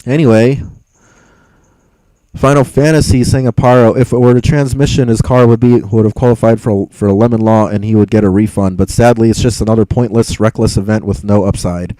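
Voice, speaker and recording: A man's voice: on the low side, steady tone, brisk, dark tone, no room sound, poor audio. A young man hosting a casual livestream, reading viewer comments aloud in a rambling, exasperated way, swearing and laughing often. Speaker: livestream host reading chat.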